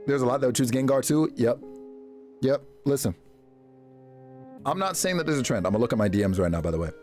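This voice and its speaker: Animated young man chatting on stream. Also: quick pace, faint music behind. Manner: animated, jokey, reacting to chat with big pitch jumps and laughs. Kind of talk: casual live-stream chat.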